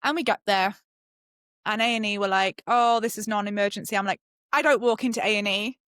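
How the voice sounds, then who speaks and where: A middle-aged British woman, a podcast guest, telling a personal story in a lively way and acting out the voices she quotes. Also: fairly quick, smooth, no room sound, studio quality. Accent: British English. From Britain. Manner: lively, acts out quoted voices with sudden high jumps. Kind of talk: animated storytelling.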